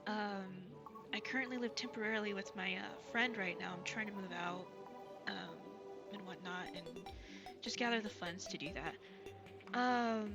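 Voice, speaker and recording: A woman streamer chatting casually with her viewers, soft and gushing, stumbling over ums and restarts, still getting over a cold. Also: medium pitch, unhurried. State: recovering from a cold. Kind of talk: casual live-stream chat. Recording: streamer's mic with music behind.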